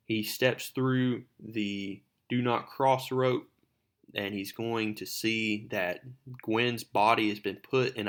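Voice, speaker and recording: A man's voice: on the low side, fairly bright tone. Casual comic recap man. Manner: conversational, with asides and restarts. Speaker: comic book reviewer.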